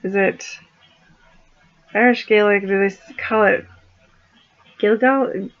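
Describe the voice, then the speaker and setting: A woman's voice: mid-range voice, steady tone, slow, highs cut off. A woman vlogger chatting casually, giggling and apologizing as she stumbles through foreign words. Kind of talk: casual chat.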